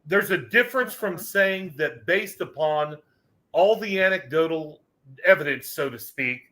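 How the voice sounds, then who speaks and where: A man's voice: on the high side, expressive, a little slow, sharp tone. An older man speaking as a podcast guest in long, winding, earnest sentences. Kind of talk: casual podcast conversation.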